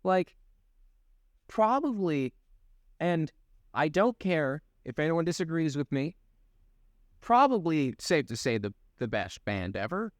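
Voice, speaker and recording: Lively rambling young man, dry sound. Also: fairly high pitch, no echo. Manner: rambling, halting, swears freely. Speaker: podcast co-host. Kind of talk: casual chat.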